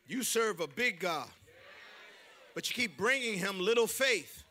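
A male preacher delivering a rousing call-and-response sermon, swinging from quiet to shouting. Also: high voice, animated, unhurried, slight background noise.

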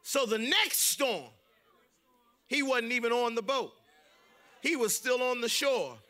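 A male preacher delivering a rousing call-and-response sermon, swinging from quiet to shouting. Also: extremely high pitch, expressive, slow pace.

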